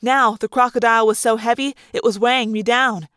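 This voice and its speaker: A woman narrating a novel aloud in first person with expressive storytelling. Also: on the high side, fairly quick, smooth, dry recording, studio quality. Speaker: audiobook reader.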